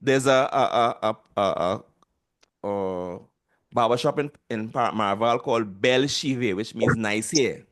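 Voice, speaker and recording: A man's voice: fairly low pitch, measured pace. A man with a Trinidadian accent teaching a language class over a video call, patiently repeating sounds for students to echo. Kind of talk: online class instruction.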